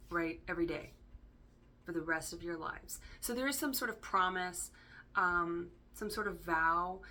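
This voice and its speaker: A tarot reader gives a casual spoken reading, chatting loosely with plenty of fillers and offhand swearing while repeatedly checking in with "right?" Her voice sits on the low side and has a sharp tone.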